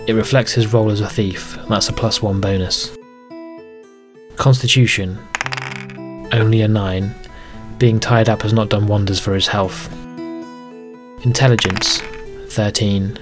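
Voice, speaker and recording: A man with a low voice narrates his tabletop game as game master. His telling is steady and flat. Music runs clearly underneath. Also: unhurried, long pauses. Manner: steady, even storytelling.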